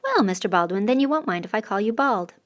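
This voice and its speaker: A woman voicing a sharp-tongued, defiant young woman who answers curtly and sarcastically. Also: medium pitch, expressive, fast, natural voice. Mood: sarcastic. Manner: curt and sarcastic.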